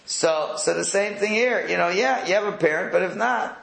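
Guy teaching talmud class, kinda high gravelly voice, echoey room, restarts a lot, terms. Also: fairly quick, hardly any pauses, fairly bright tone. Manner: conversational, repeats and restarts, mixes Hebrew and Aramaic terms.

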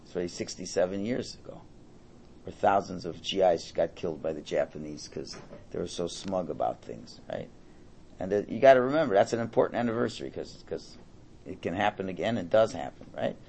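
A man's voice: sits low, animated, a little fast, vocal fry, a little mellow, a little hiss or hum. A middle-aged man teaching a religious class. He translates a Hebrew text aloud in a conversational, jokey way, with many restarts.

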